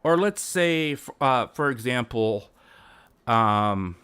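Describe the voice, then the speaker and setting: A male streamer talks in an unhurried, stammering way, often tripping over and repeating his words. His pitch swings widely up and down, giving the talk an animated, expressive lift. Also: clean tone. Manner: drops to a whisper for acted bits. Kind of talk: live stream commentary.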